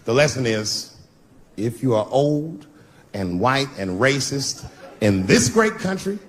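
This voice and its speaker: A middle-aged man doing a live stand-up routine, punchy and profane, swinging between loud bursts and low asides. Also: sing-song, slow pace. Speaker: stand-up comedian. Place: comedy stage before a live crowd. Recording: noisy live stage recording with audience.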